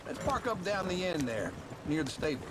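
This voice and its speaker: In video game dialogue, an actor voices a lazy, joking old outlaw who teases and brags with a chuckling drawl. His voice is a little high, sing-song, and fairly quick. Loud hoofbeats and wagon sounds fill the game audio.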